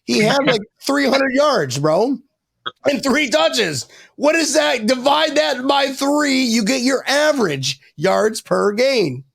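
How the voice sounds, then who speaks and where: A man hosting a podcast over a video call, loud and excitable, joking, stammering when he gets worked up. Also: very high-pitched, slow pace, vocal fry, husky, no echo. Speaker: podcast host. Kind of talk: rowdy casual podcast banter.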